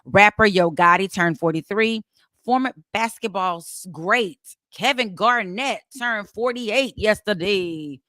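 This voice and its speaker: A woman's voice: mid-range voice, measured pace, a bit bright, no room sound, studio quality. A woman co-hosting a casual talk show, chatty and playful. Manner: chatty, playful, sings snippets. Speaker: co-host reading birthdays. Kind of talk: casual sports talk banter.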